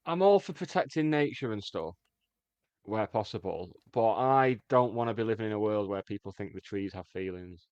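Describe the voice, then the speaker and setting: A man's voice: lowish voice, lively intonation, moderate pace, a little mellow, smooth, dry recording, lo-fi sound. A man co-hosting a podcast, chatting casually with wry asides. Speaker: podcast co-host. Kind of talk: casual comedic chat.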